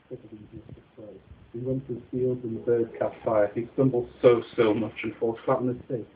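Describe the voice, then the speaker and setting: A man's voice: on the low side, slight background noise. A man performing his own poetry live in a dramatic, incantatory way, repeating refrains, on a muffled recording. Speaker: poet.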